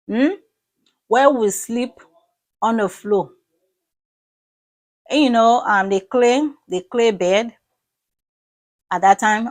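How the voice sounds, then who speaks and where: Liberian lady vlogging, fed up and scolding, talks straight at you. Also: medium pitch. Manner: exasperated, scolding, animated storytelling. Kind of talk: casual commentary to camera.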